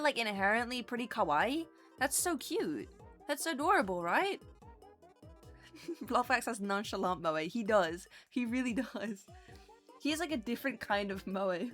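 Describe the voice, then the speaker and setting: With a medium-pitched, slightly bright voice, she chats loosely with viewers on her livestream, laughing and wandering off on tangents.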